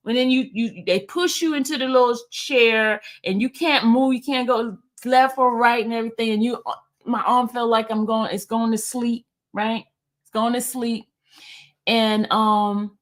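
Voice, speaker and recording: Lively woman in her fifties. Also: fairly high pitch. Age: 50s. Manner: animated, laughing, addresses viewers as y'all. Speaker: channel host. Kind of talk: casual live-stream storytelling.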